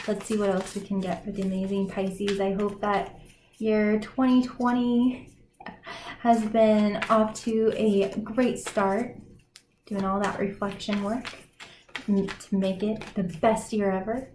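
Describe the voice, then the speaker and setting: Slow, giggly woman card reader. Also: mid-range voice, little pitch movement, a little mellow. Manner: giggly, exclamatory, many fillers. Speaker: tarot and oracle card reader. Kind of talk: casual intuitive card reading. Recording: echoey room, faint noise.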